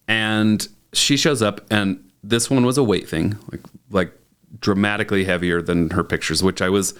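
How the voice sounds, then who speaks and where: A man's voice: on the low side, clear, resonant tone. Chuckling man telling a story. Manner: animated anecdote-telling, chuckling often. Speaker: podcast host and plastic surgeon. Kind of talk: casual storytelling chat.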